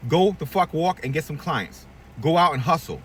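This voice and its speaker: A middle-aged barbershop owner rants to the camera in a blunt, profane, preachy way, with his pitch jumping up and down a lot. He sounds a bit far from the mic, with faint traffic noise behind him. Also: lively intonation, moderate pace. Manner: blunt, profane, preachy, acts out quoted voices. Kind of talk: candid advice rant to camera.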